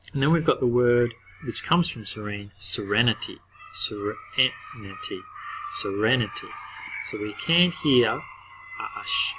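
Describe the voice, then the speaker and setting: A patient middle-aged man teaching a spelling lesson to young pupils. He draws words out slowly and says them again and again so every vowel can be heard. His voice sits at an ordinary mid pitch. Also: noisy background. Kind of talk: recorded spelling lesson for children.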